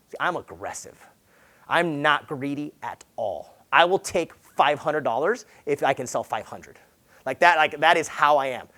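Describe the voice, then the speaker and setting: A man's voice: on the high side, brisk. A man, a real estate agent, giving a motivational talk at a sales summit. He tells stories casually, acts out conversations and swears along the way. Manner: animated, acts out conversations in quoted voices; casual and slangy, swears, says dude. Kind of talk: motivational conference talk, storytelling.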